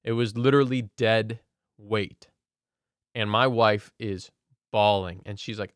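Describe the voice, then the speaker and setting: A man's voice: on the low side, steady tone, measured pace, clean tone, no room sound, studio quality. A man earnestly sharing a personal faith testimony in casual conversation, often restarting his sentences.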